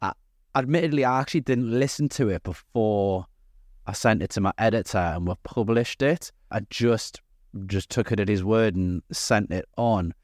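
A man's voice: fairly low pitch, normal speed, a little mellow, no room sound, studio quality. A man hosting a comedy podcast, talking in a cocky, swearing, jokey way. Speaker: podcast host. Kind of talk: comic podcast banter.

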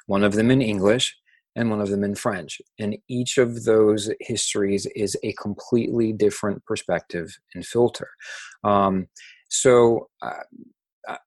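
A man from Louisiana giving thoughtful interview answers, often pausing and restarting his sentences. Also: on the low side, fairly even intonation, darkish tone, dry recording. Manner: thoughtful, with frequent restarts and ums. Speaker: interview guest, French-language advocate.

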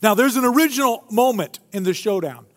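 A male pastor delivers a lively sermon, cracking jokes as he retells the scene. His voice sits high for a man. It echoes with the long reverb of a large church hall. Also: brisk. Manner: animated, joking storyteller.

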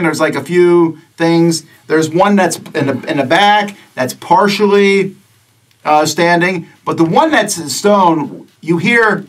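Male game master, higher-pitched, chatty narration, heard from a distance. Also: fairly bright tone. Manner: chatty, stumbling restarts while describing scenes. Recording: distant mic.

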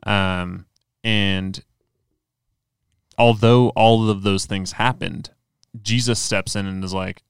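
Earnest low-voiced man explaining faith. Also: fairly even intonation, takes it slowly, clean tone, no echo. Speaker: podcast co-host. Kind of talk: casual faith discussion.

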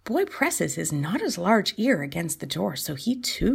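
Woman storyteller, low-pitched, breathy and gravelly, soft near-whispered reading. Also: very animated, measured pace. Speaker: podcast host and storyteller. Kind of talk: storybook narration.

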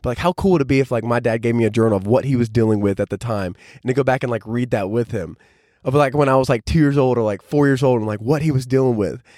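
Young male podcast host in his 20s, quick and rambly, dry close sound, casual reflective monologue. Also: mid-range voice, warm tone, no room sound. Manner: casual, rambling, many filler "like"s.

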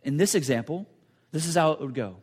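A man preaching a sermon with a slightly higher than usual voice. He talks earnestly, repeats and restarts his phrases, and sometimes sinks to a near whisper to drive a point home. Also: expressive, a little fast, breathy edge. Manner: earnest, repetitive preaching with many restarts and dramatic drops to a hush. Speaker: pastor.

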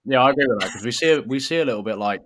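A man's voice: medium pitch, expressive, rapid-fire, fairly bright tone. A man co-hosting a casual podcast over a remote call, making dry, wry remarks. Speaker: podcast co-host. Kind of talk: casual chat. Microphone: remote call mic.

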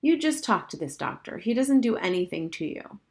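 A woman reading aloud and voicing a gentle, somewhat hesitant mother in a storybook. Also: medium pitch, very animated, normal speed, vocal fry. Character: gentle, awkward middle-aged mother.

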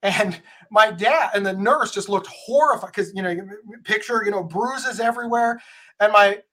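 A man's voice: high-pitched, normal speed, a bit bright. A man giving earnest, emphatic advice in a conversational style, often restarting his words. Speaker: guest speaker on mental health.

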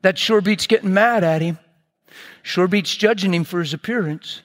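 A man preaching, telling a personal story in an animated way and acting out scenes with sound effects. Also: sits high, normal speed. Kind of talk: sermon testimony storytelling.

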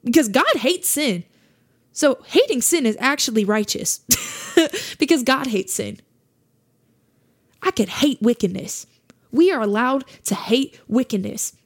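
A woman's voice: high-pitched, expressive, unhurried, pauses often. Earnest woman preaching on a podcast. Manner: earnest, preachy, repeats points for emphasis. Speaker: podcast host. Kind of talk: faith podcast monologue.

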